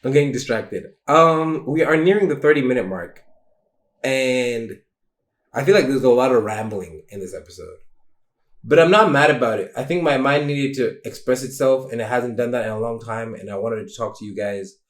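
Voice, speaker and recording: A man's voice: mid-range voice, moderate pace. A young man hosting a solo podcast, talking in a rambling, emotional, candid way and swearing casually. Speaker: podcast host. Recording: roomy echo.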